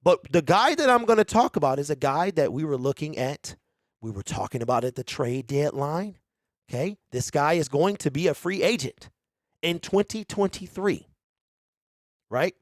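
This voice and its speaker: A man's voice: a little high, moderate pace, no echo, studio quality. A man from Detroit hosting a casual sports fan livestream, hyping up his viewers and checking in with them often. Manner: animated, hypes up viewers, keeps checking in with "okay?". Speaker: sports show host.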